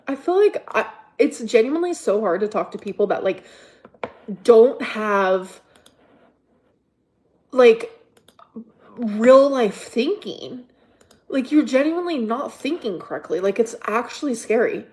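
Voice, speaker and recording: A woman's voice: fairly high pitch, lively intonation, unhurried, pauses often, a little mellow, a little hiss or hum. A woman hosting a livestream, exasperated and defensive, swearing freely and hammering viewers with repeated rhetorical questions. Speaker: livestream host. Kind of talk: ranting livestream chat to viewers.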